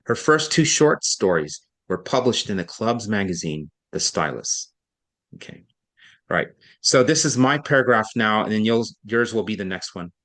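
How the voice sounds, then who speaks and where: A male reading tutor with a fairly low voice, reading a passage aloud in a measured, deliberate way. He leans on key words and slows down to show a student where the emphasis goes, then breaks off to coach. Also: lively intonation, fairly bright tone.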